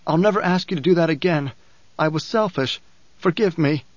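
A man's voice: fairly high pitch, a little fast, no room sound, natural voice. Man doing an intense young man's voice. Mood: remorseful. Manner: firm, insistent. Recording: dull, dry recording.

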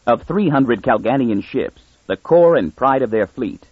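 A man reads an audiobook with lively, measured storytelling. His voice is husky and dry. The recording sounds muffled and lo-fi. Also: mid-range voice, dry recording. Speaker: audiobook narrator. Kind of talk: scripted narration.

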